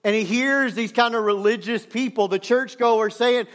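A male pastor preaching from the stage in a conversational way, with self-deprecating humor and slow, emphatic stresses on key words. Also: very high voice, fairly even intonation, a bit bright. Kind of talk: sermon. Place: church stage.

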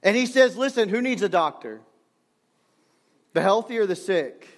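High-voiced preacher, chatty and emphatic. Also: male voice, expressive. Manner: conversational preaching, self-deprecating humor, emphatic slowdowns. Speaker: pastor. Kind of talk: sermon. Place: church stage.

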